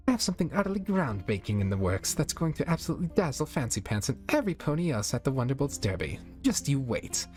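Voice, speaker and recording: A man's voice: mid-range voice, sing-song, fast talker, hardly any pauses, a little mellow, faint music behind, pitched above the performer's own voice, close to an everyday voice. A man voicing a refined female fashion-designer pony, affected and fond of saying darling. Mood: haughty. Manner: uppity, affected, calls everyone darling.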